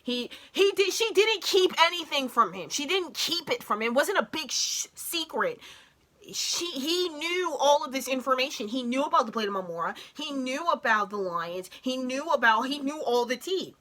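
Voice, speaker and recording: Gushing, high-voiced woman reacting to a show. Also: normal speed. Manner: gushing, excitable, swears, trails off mid-sentence. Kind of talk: emotional casual reaction commentary.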